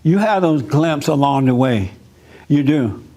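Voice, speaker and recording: A man's voice: a little high, animated, measured pace, mellow. A male pastor preaching in a casual, joking way, often repeating himself as he talks. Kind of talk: casual sermon with humor.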